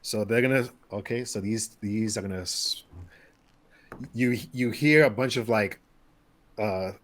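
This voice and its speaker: A man's voice: fairly low pitch, measured pace. A man running a tabletop game as game master, loose and rambling with many restarts.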